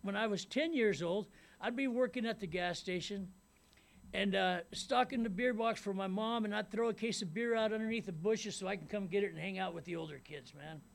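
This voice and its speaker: Gravelly, high-voiced middle-aged man telling his story. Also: fairly quick. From Ventura County, California. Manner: rambling storyteller, repeats words, often says "you know what I mean". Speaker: speaker sharing his recovery story. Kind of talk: personal testimony.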